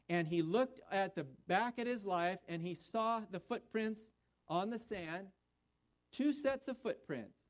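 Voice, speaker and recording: A high-pitched male voice delivers an earnest sermon. He quotes scripture and speaks directly to the congregation before leading them in prayer. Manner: earnest preaching, quoting scripture, ending in prayer. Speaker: pastor.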